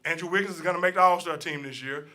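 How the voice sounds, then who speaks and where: A man with a high, sharp, very bright voice, hosting a sports talk show. He rants his opinions hard, swears freely and circles back to the same points. His delivery is heated and talky. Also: fast. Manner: opinionated, ranting, profane, repeats himself.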